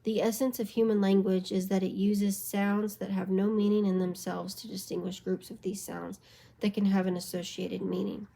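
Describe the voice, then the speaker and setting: A sleep-deprived woman reading a textbook aloud late at night, in a steady voice that now and then stumbles over a word and corrects itself. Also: mid-range voice, vocal fry, low-quality recording. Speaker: reader of a book aloud.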